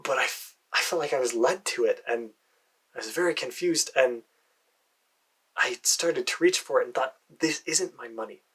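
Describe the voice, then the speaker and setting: Husky American man telling a story. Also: mid-range voice, moderate pace, pauses often, rough recording. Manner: hesitant, with fillers and soft muttered asides. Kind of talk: first-person fantasy storytelling.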